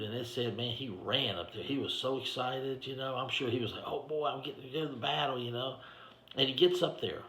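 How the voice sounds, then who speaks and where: A man's voice: mid-range voice, a bit bright. Man, folksy devotional storytelling, conversational, echoey room. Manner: folksy, conversational, lots of "you know". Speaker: ministry director giving a devotional.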